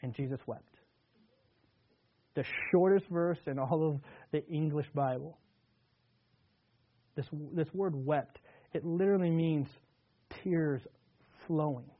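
A man preaching a sermon as a pastor, earnest, stressing words loudly and then dropping to hushed tones. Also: on the high side. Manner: earnest, repetitive restarts, swings between loud emphasis and hushed tones. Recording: tinny phone-like radio broadcast.

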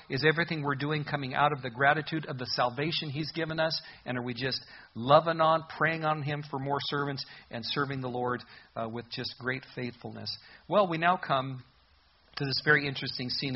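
A man preaches in a church with an easy, conversational delivery that punches up to sudden emphatic peaks. His voice has a husky edge at a middle pitch. The recording is a little dull and lo-fi. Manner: laughs at his own jokes. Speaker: pastor. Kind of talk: sermon.

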